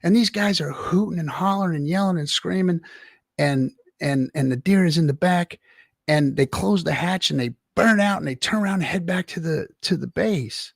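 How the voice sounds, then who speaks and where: A middle-aged Californian livestream host tells a rowdy, profanity-laced story, laughing, swearing and reading the chat. His voice is fairly high with vocal fry at a moderate pace, studio quality with no echo.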